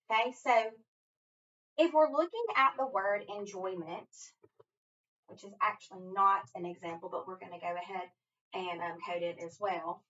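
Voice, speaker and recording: A woman's voice: mid-range voice, sharp tone. A woman reading teacher walking a student through a phonics lesson step by step, with an encouraging manner. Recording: distant dull lo-fi recording.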